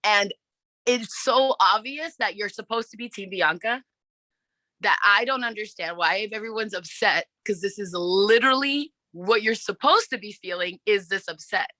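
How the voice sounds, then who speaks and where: A woman hosting a casual wrestling podcast, excitable and swearing often, acting out her own reactions as she tells a story. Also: mid-range voice, normal speed, no echo. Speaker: podcast host.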